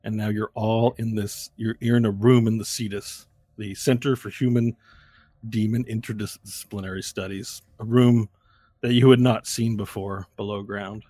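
A man running a tabletop game as game master, narrating each scene in vivid, rambling detail. His voice is husky and breathy, and he often restarts his phrases. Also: on the low side, little pitch movement, moderate pace, dark tone, dry recording.

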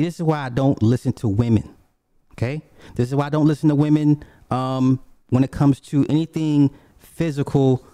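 A man hosts a podcast with a mellow, dark voice. He tells blunt, profane stories and keeps breaking off into asides. The sound is close and dry, with no room echo. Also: on the high side. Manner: blunt, animated storytelling with frequent asides. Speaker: podcast host. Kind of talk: casual profane commentary.

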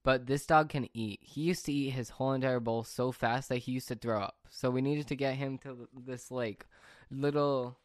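A young man casually telling a rambling, animated story on a podcast. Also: mid-range voice, no echo, clean studio sound. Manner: rambling, animated anecdote with fillers and asides. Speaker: podcast speaker.

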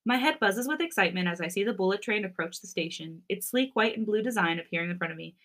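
Young woman, podcast host, bright voice, chatty, reads a story aloud. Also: mid-range voice, expressive, quick pace. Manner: chatty, joking asides while reading. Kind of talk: reading fan fiction aloud.

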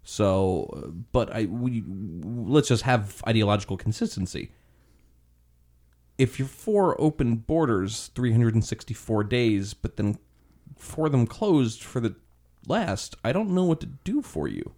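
Lowish voiced guy chatting casually, blunt, swears a lot, laughs a bunch. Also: very animated, a little slow, darkish tone. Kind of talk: casual chat.

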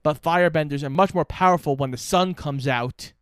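A man co-hosts a podcast, patiently filling in plot details in relaxed chat. His voice sits a bit high and sounds smooth and clear. The recording is close and dry. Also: brisk, no echo. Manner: explanatory, lays out plot details. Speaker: podcast co-host. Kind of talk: casual chat recapping a cartoon.

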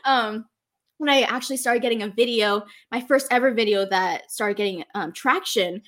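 A bubbly young woman in her twenties with a fairly high voice, chatting as a guest on an interview show. She laughs often and acts out the people in her stories. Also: moderate pace, fairly bright tone. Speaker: guest, social media creator. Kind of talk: casual interview chat.

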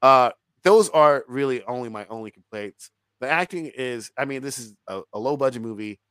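A man riffs through a casual film review, animated and free with profanity, breaking into laughs. His voice sits at an ordinary pitch and is recorded close and dry, with no room sound. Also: normal speed, clean tone, no echo. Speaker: podcast co-host reviewing a film.

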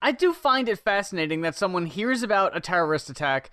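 A man's voice: sits high, expressive, brisk, a bit bright, clean tone, no room sound, clean studio sound. A man co-hosting a podcast, chatting casually with a sarcastic, analytical edge. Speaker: podcast co-host. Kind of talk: casual chat.

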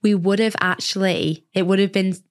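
A woman co-hosting a podcast in casual chat, with a husky, hoarse voice from being unwell, chatty and quick to laugh. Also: mid-range voice, fairly even intonation. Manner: chatty, laughs often, rambling restarts. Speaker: podcast co-host.

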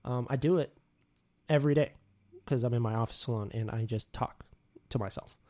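Young guy rambling thru a solo podcast, trips on names and laughs at himself, mid-pitch voice. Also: a little fast, dark tone. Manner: rambling, self-mocking, stumbles over names. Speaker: podcast co-host. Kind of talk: solo news podcast chat. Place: home office.

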